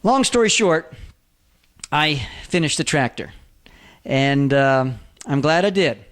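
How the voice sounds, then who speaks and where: A man in his fifties telling a personal story as a lesson, in a halting folksy way with lots of fillers. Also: on the high side, big pitch swings, a bit bright. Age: 50s. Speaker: author and motivational speaker.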